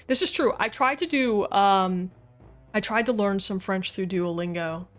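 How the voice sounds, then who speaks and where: A woman's voice: mid-range voice, measured pace, soft background music. A woman chatting casually with her livestream chat while playing a game, goofy and talkative, reading comments aloud. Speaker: game streamer.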